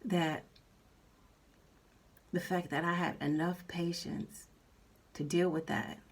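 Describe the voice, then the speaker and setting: Woman vlogger, fairly low voice, candid rambling chat, recorded a bit away from the mic. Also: steady tone, slow pace, recorded from a distance. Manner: candid, rambling, repeats herself, lots of fillers. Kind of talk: casual chat.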